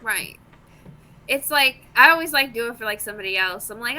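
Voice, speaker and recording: A woman with a higher voice and a very bright, sharp tone, co-hosting a podcast. She chats casually and upbeat, and reads the show's announcements. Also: brisk. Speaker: podcast co-host. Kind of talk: casual chat and show announcements.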